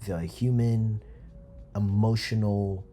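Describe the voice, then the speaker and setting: A man's voice: lowish voice, level tone, takes it slowly, mellow, a little hiss or hum. A young man hosting a casual commentary video, slangy and hyped, often repeating himself. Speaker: video essay host.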